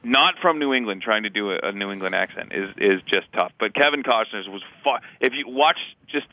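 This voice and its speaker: A man in a casual podcast chat, talking emphatically and joking as he rambles. His voice sounds bright and forceful at a middle pitch. The sound is dry and a little dull, with no room around it. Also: expressive, fairly quick, no room sound. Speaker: podcast co-host.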